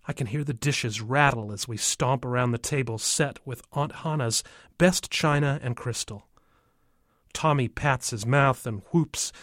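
A man's voice: mid-range voice, dry recording, clean studio sound. Man reading a first-person story. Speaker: audiobook narrator.

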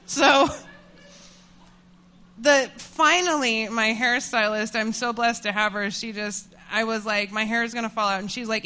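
A woman in her thirties telling a personal story to an audience, candid and self-mocking, laughing often and getting animated as she tells it. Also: fairly high pitch, a little slow, clear, resonant tone. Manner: animated, voices rising when furious.

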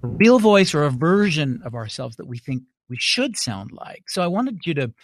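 A man hosting a public radio interview, asking measured, curious questions. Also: a little high, very animated, dry recording. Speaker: radio show host.

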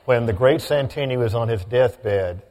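A man's voice: medium pitch, normal speed, darkish tone. A man hosting a live stage interview in a large auditorium, wry and prompting. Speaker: host, interviewer. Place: large auditorium before an audience. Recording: long reverb of a big hall.

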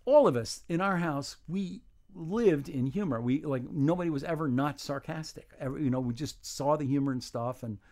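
A man's voice: fairly high pitch, moderate pace, darkish tone. A man in his seventies from New York, a guest in a radio interview, telling stories in a wry, rambling, self-deprecating way. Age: 70s. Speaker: guest, humor writer. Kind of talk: casual interview chat.

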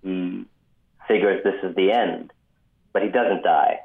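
A man recounting a story on a radio interview, unhurried and dotted with ums. His voice sits very low. It comes through a thin, tinny phone line. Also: creaky. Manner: measured, many ums, vivid retelling. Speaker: author guest.

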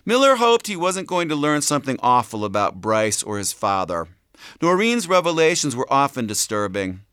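A male audiobook narrator with a smooth, resonant voice and animated pitch. He reads steadily, recorded dry and close in a studio. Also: normal speed, no echo. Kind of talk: scripted narration.

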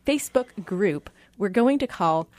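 A woman hosting a public radio talk show, moving between scripted narration and interviews in a clear delivery. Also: mid-range voice, expressive, unhurried, a little mellow.

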